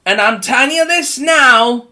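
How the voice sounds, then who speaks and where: A man delivers a profane, rambling rant in a bright, forceful voice. He talks at an unhurried pace, laughs often between his points, and mocks other people in put-on voices. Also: very high-pitched, expressive. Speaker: horror movie vlogger.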